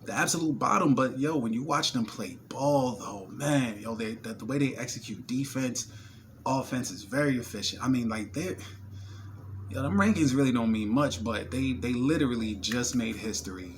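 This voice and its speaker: A young man from New Jersey talking casually to camera in a video diary, slangy and excitable, his voice strained from screaming. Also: mid-range voice, normal speed, slight background noise. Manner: excitable, slangy, repeats words when worked up. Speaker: vlogger.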